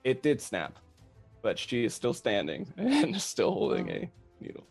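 A man's voice: medium pitch, wildly swooping pitch, measured pace, vocal fry, a little mellow, breathy edge, soft background music. A man narrating a tabletop game as game master, teasing the players and laughing easily.

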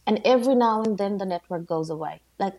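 A woman in her thirties, originally from Bangladesh, talks as a podcast guest. Her speech is lively and exclamatory, full of laughter, at an ordinary mid pitch. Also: fast talker. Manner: animated, laughs often, exclaims "oh my God". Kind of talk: casual conversation.

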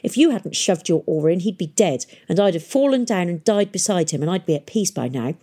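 A scarred, hostile teenage girl who talks in blunt, clipped, scornful phrases, played by a woman reading the book. Her voice is husky and dark, and her pitch sits a little low. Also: expressive, fairly quick. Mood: scornful bitter.

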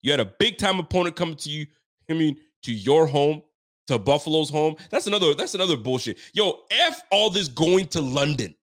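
Brisk and expressive, with a slightly high, somewhat bright voice, this Ontario, Canada, sports podcast host vents after a game. His postgame rant is fired-up and heated, with frequent swearing.

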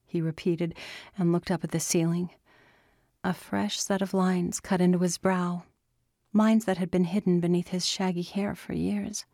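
Slow, low-voiced woman narrating a novel. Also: level tone, dry recording, clean studio sound. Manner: quiet, measured, soft delivery. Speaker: audiobook narrator.

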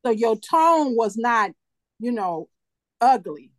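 A woman's voice: on the high side, sing-song, slow pace, crowd noise, low-quality recording. A middle-aged mother of grown children, talking in a firm, matter-of-fact way in a casual chat.

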